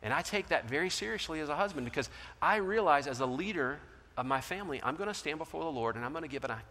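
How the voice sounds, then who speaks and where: Bright-voiced male pastor in a reverberant hall. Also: medium pitch. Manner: storytelling, acts out quoted voices, shifts loud to soft. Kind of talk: sermon. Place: large church hall.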